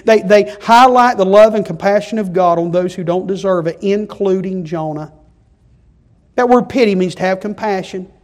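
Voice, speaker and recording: A man preaching a sermon, moving from quiet pleading to loud, impassioned delivery. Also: sits high, normal speed.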